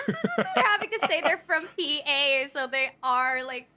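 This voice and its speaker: A woman's voice: high-pitched, huge pitch swings, takes it slowly, noisy background. A woman guesting on a casual stream chat, giggly and curious.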